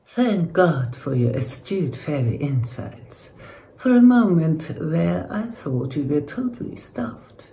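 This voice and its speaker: A woman playing a weary, sarcastic older villainess with a gravelly voice in a comedy sketch. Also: deep voice, big pitch swings, slow pace, mellow, reverberant, exaggerated voice, rough recording. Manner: dry, sarcastic remarks. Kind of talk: comedy sketch acting and mock narration.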